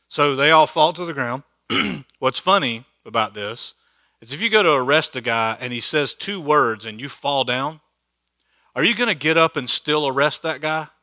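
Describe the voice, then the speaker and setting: A man's voice: mid-range voice, bright, forceful tone, dry recording. A man teaching a church Bible study in a conversational, joking way, laughing at his own asides. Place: church hall.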